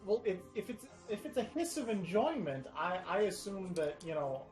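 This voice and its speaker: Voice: mid-range voice, big pitch swings, normal speed, a little mellow, faint music behind. A player in a tabletop game, talking casually with hesitant restarts and laughing asides.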